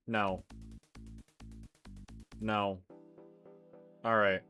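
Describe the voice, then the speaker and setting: A man's voice: on the low side, drawn-out words, highs cut off, faint music behind. A man streaming a game, chatting casually and jokingly, breaking off mid-sentence and restarting. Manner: jokey, excitable, trails off mid-sentence. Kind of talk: casual live-stream commentary.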